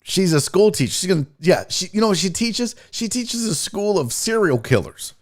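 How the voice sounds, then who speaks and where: A man hosting a sports talk livestream, a little drunk, joking loudly with his chat and swearing often. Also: sits high, animated, moderate pace. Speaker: sports talk show host.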